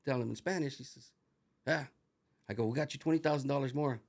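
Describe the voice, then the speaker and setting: Middle-aged male guest, animated storyteller, gravelly and quick. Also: medium pitch. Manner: profane, animated, acts out dialogue with Spanish phrases. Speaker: interview guest. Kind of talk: casual storytelling.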